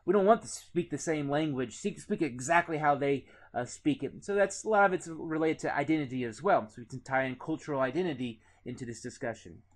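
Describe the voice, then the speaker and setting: Casual American man lecturing, fairly high voice. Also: a little fast, few pauses. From United States. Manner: casual, many fillers and restarts. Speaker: teacher. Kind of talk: recorded classroom lecture.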